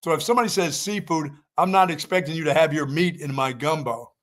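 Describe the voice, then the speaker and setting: A man's voice: on the high side, a little fast, a bit bright. A man co-hosting a sports radio show, telling joking stories in casual chat. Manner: joking storyteller, laughs at himself.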